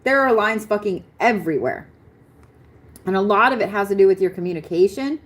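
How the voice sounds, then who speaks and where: A woman's voice: mid-range voice, animated, a little fast. Blunt, chatty woman reading astrology. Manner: blunt, swearing, laughs often. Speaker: astrology reader. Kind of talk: live-stream chart reading.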